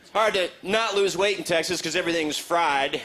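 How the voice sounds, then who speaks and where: A man doing a stand-up comedy set in a club, animated and slipping into high character voices. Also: fairly quick. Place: comedy club stage with a laughing audience. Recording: live club recording with crowd and noise.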